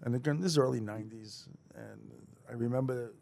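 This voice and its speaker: A man in his fifties hosts a relaxed interview conversation. His voice has a gravelly edge, and he talks bluntly and casually, with the odd curse word. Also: medium pitch, fairly quick, slight background noise. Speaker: podcast host.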